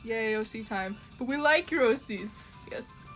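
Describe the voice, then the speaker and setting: A young Canadian woman livestreams from home while drawing, reading chat and talking with viewers in a loose, profane, rambling way. Her voice is on the high side, animated and fairly bright at a moderate pace, and she laughs often and trails off with ums. Soft music plays in the background.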